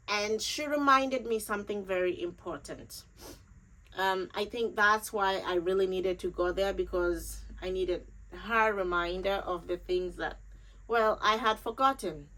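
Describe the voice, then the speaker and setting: A woman's voice: medium pitch, a bit bright, poor audio. Earnest woman sharing a grieving story. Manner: emotional, earnest, repeats phrases for emphasis. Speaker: vlogger. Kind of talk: personal storytelling to camera.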